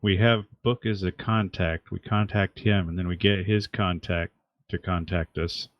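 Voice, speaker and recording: A man's voice: low voice, fairly even intonation, a little slow, no echo. A man playing a tabletop role-playing game, making dry, practical remarks in casual chat. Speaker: player. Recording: dull dry lo-fi audio.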